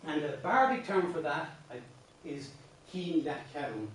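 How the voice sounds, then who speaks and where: In a very echoey classroom, an Irish man running a song workshop sounds slightly high, very animated, and fairly bright, speaking unhurriedly far from the distant room mic with slight background noise. He explains verse patterns patiently, restarting frequently and singing lines aloud.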